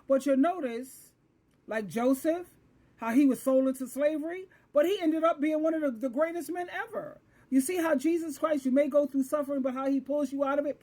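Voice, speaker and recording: Woman, high voice, earnest and emphatic host talking faith. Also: a little mellow. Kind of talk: religious commentary.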